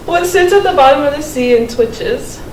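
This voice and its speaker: A young woman telling quick one-liners as a student comic and emcee, giggling through her own punchlines. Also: sits high, expressive, darkish tone. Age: young adult. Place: student comedy night room. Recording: echoey room, mic far off, noisy.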